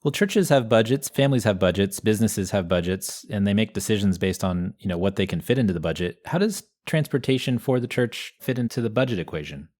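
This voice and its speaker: A man hosting a podcast, asking relaxed, long questions in a casual interview. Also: on the low side, a little fast, hardly any pauses. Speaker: podcast host.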